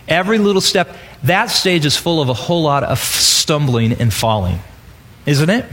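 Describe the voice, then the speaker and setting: A man's voice: a little high, expressive, normal speed, fairly bright tone. A man preaching a sermon in a conversational way, often asking rhetorical questions. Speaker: pastor.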